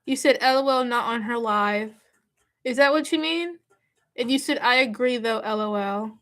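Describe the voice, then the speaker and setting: High bright-voiced woman live streamer. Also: normal speed. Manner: chatty, reads out and answers viewer comments; animated, scolding and mocking. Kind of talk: live stream chat with viewers.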